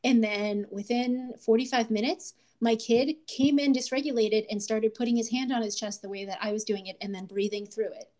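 A woman in her thirties hosting a casual podcast, with a fairly high voice. She talks in an animated way, laughs often and slips into little voices when she quotes someone. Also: normal speed, hardly any pauses. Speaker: podcast host.

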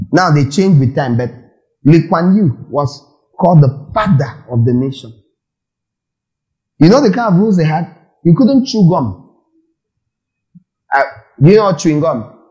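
A man preaching a sermon, animated and full of rhetorical questions to the audience. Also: on the high side, normal speed, pauses often, muffled recording.

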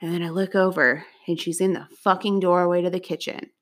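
This storyteller, a young adult woman with a fairly low voice, talks fairly quickly through a personal anecdote, swearing casually, staying animated, and occasionally erupting into loud outbursts.

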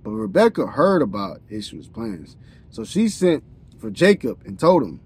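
Husky man reading scripture aloud. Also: a little high, sing-song, normal speed, darkish tone. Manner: reads steadily, trips over words, breaks off with slangy comments. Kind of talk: plain scripture reading with casual asides.

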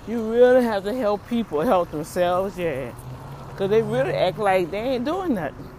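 A woman's voice: medium pitch, slight background noise. A woman telling a story casually to her viewers, addressing them as y'all and acting out what people said. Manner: animated, talks to viewers as "y'all", acts out quotes. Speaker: vlogger. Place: outdoors by a street, waiting for a bus.

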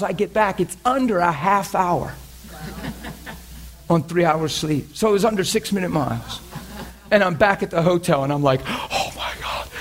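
A man preaching, telling a personal story with animated energy and frequent laughter. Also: high voice, creaky. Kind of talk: sermon storytelling.

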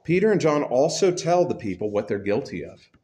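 Speaking at a medium pitch and a fairly brisk clip, a male pastor delivers a sermon to his church. His tone is easygoing and conversational, laced with self-deprecating jokes.

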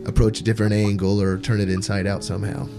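A man's voice: on the low side, little pitch movement, quick pace, vocal fry, music in the background. A man hosting a casual podcast chat as a comedian, talking in a laid-back, rambling way full of "like" and "you know".

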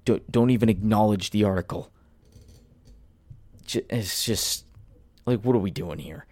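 Male podcast host, low-pitched, exasperated ranting delivery, dry close sound. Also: measured pace, a little mellow, no room sound. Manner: ranting, exasperated, swears at target. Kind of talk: solo commentary podcast.

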